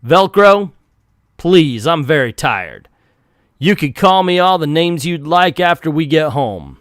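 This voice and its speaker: A man's voice: on the high side, lively intonation, slow, fairly bright tone, dry recording, studio quality. A man voicing a tired, curt male officer who leads a squad of monsters. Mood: weary. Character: weary male human officer leading monsters.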